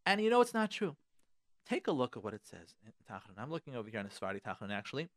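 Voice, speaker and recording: A man's voice: medium pitch, huge pitch swings, very fast. A man hosting a radio advice show from a studio, talking emphatically, repeating his key phrases and mixing Hebrew prayer words into his English. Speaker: radio show host giving relationship advice.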